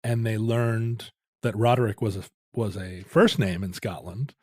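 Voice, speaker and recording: A man's voice: lowish voice, a little slow, darkish tone, no room sound, studio quality. A middle-aged man co-hosting a podcast, telling a family story in a rambling, self-interrupting way. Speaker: podcast co-host. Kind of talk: casual chat.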